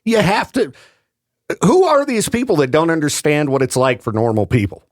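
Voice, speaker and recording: A man's voice: on the high side, lively intonation, normal speed. A male radio host chatting casually with a co-host. He laughs often and sounds easygoing and sympathetic. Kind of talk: casual chat.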